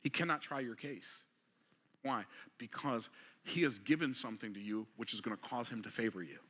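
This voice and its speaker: Bright-voiced man preaching with rhetorical questions. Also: mid-range voice, normal speed. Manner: rhetorical questions, swings between quiet and emphatic; casual vernacular delivery. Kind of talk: motivational sermon.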